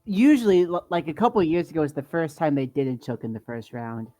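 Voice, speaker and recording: A man co-hosting a live sports stream, breaking down matchups in a measured, analytical way. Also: on the high side, sing-song, mellow, dry recording, faint music behind. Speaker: sports show co-host.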